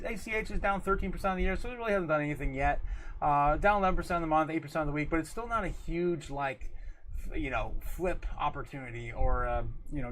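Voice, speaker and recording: A fairly high-voiced man hosts a casual livestream, rambling loosely between topics. He reads viewer comments aloud and breaks into frequent laughter. His talk is full of fillers and restarts. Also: a little hiss or hum. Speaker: livestream host.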